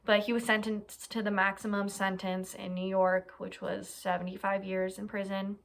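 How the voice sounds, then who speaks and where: A young woman tells a true crime story in a loose, chatty way. Her voice sits at a middling pitch, and she pads her sentences with fillers and quick asides as she talks. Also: level tone, creaky. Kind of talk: casual true crime retelling.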